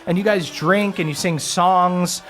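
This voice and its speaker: Chuckling game master, slightly high voice. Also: male voice, steady tone, measured pace, a bit bright, a little hiss or hum. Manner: loose, chuckling narration with many fillers. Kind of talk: narrating a tabletop game.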